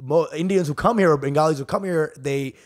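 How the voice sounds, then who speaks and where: A man's voice: on the high side, brisk. A man co-hosting a comedy podcast, telling crude stories with lots of swearing, laughter and mock voices. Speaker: podcast co-host. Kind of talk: casual comedic chat.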